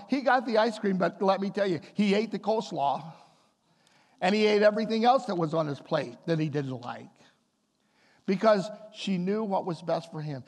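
A man preaching a sermon as a pastor, telling a family story and then building to emphatic appeals. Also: sits high. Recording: long hall reverb.

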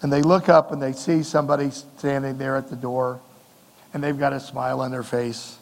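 A man's voice: medium pitch, level tone, normal speed, gravelly. Man preaching in a reverberant church. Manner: conversational preaching, rhetorical questions, rising and falling emphasis. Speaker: pastor. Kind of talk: sermon. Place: church sanctuary.

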